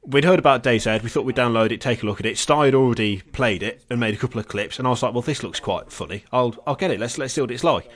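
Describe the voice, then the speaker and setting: A man's voice: mid-range voice, fast talker, hardly any pauses. Man in casual rambling chat. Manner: rambling, laughs between phrases. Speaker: co-host.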